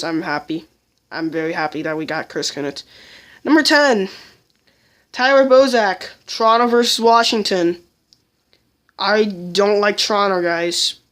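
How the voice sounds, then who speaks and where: A woman giving casual countdown commentary as a fan vlogger, blunt and opinionated, often restarting her sentences. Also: lowish voice.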